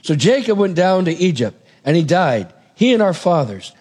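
A man preaching a sermon, retelling a Bible story in a casual, animated way with asides to the congregation. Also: sits high, moderate pace.

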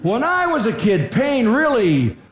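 An older man performs stand-up, storytelling with a voice that leaps high for punchlines and settles low and earnest for the serious parts. His pitch swings widely throughout. The sound carries a roomy echo from the venue. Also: huge pitch swings, a little slow. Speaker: stand-up comedian.

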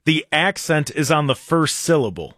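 A man's voice: on the high side, very animated, fairly bright tone, dry recording. A man hosting a radio talk show, chatting casually and often restarting his sentences. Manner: chatty, halting, starts sentences over. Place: radio studio. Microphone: studio microphone.

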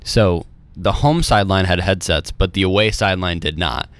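A man co-hosting a podcast in casual chat, telling animated stories packed with "like" and acting out the people he quotes. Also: low-pitched, normal speed, clean tone. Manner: animated storyteller who acts out quoted voices; filler-heavy, uses "like" constantly. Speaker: podcast co-host.

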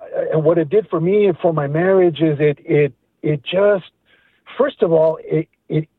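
A man's voice: fairly high pitch, normal speed, breathy edge, dry recording. A man in his fifties or older calling in to a radio show, speaking earnestly and reflectively, often repeating words. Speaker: radio caller. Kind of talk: call-in comment. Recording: tinny phone line.

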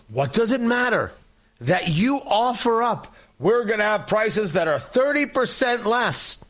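A man hosting a talk show on air, sarcastic and combative as he mocks his opponents. His voice is high and swings widely in pitch. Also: fairly bright tone. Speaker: political talk show host. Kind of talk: opinionated on-air monologue.

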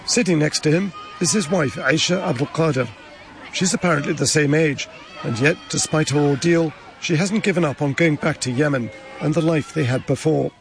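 Male correspondent, grave measured delivery, slightly high voice, crowd noise and outdoor bustle. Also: vocal fry. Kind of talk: field report narration. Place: outdoors at a refugee camp. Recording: crowd and street noise around.

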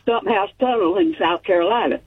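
A caller phoning in to a talk radio show, earnest and halting, a bit hoarse from a cough. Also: medium pitch, no room sound. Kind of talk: phone-in call. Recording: tinny phone line.

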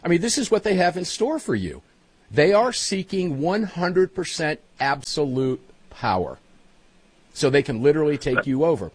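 A man hosting a political talk show, emphatic and quick to cut in. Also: a little high, very animated, breathy edge, no room sound. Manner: emphatic, interjecting. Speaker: host.

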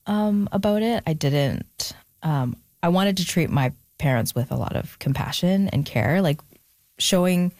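Low voiced woman chatting thoughtful, lots of ums, dry sound. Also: a little mellow, no echo. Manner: reflective, gets emotional, many fillers. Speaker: author guest. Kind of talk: casual interview chat.

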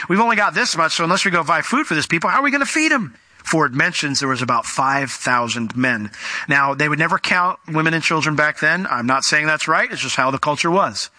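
A man preaching a sermon with a very bright, ringing voice that sits a little high. He talks in a conversational, animated way, acting out scenes as he teaches. The sound is close-miked and completely dry. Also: no echo. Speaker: pastor.

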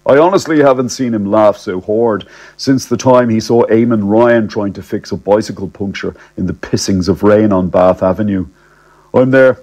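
A man narrating a comic first-person story in a wry, deadpan, chatty way. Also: on the low side, moderate pace.

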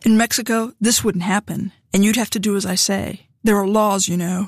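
A woman's voice: medium pitch, fairly even intonation, brisk, no echo, clean studio sound, lightly acted. A woman voicing an earnest, emotional husband who pleads and insists, his voice cracking. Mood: pleading.

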